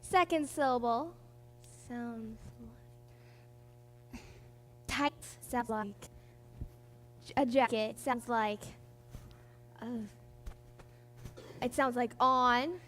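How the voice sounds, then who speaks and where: A woman's voice: a little high, extremely slow, pauses often, a bit bright, long reverb tail, a little hiss or hum. A woman playing a fussy, doting queen in a stage musical, prim in her speech. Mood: playful. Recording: theater stage with music behind.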